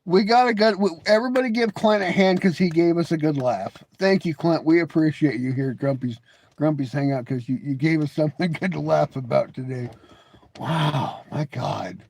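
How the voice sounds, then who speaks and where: A man hosts a casual live stream and talks back to his viewers in chat. His voice sits a bit high, and he teases and mocks the people writing in. He laughs often and stumbles through repeated words as he gets going. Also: normal speed, creaky, darkish tone.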